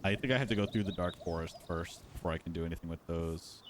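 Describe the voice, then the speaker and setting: A man's voice: low voice, quick pace, slight background noise. A man hosting a live stream, giving casual, playful commentary while playing and talking to his chat. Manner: chatty, playful, talks to chat.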